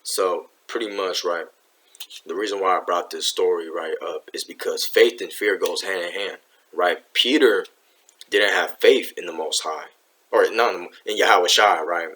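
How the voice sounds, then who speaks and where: Slangy man teaching from scripture. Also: a bit bright. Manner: slangy, tags lines with "right?" and "man"; reads scripture aloud in a slower, lower voice. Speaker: Bible teacher. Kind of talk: casual Bible teaching.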